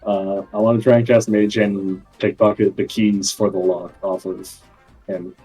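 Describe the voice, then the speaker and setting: A man's voice: fairly low pitch, level tone, moderate pace, mellow, husky, soft background music, low-quality recording. A man playing a tabletop game, laid-back, asking the game master questions. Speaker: player. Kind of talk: casual tabletop play.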